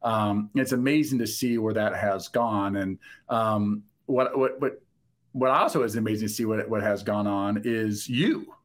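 A man hosting a relaxed sports podcast, speaking in a fairly low voice. He talks reflectively and conversationally, drawing his guest out. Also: unhurried. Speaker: podcast host, former quarterback. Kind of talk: casual interview chat.

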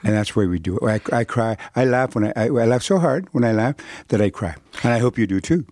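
An older man from Canada is chatting as a radio guest. He jokes and teases, laughs easily, and repeats words for emphasis. His voice sits at a middle pitch, and the studio sound is dry and close. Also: expressive, fast, a little mellow, no echo. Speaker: guest author. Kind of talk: radio interview, casual chat.

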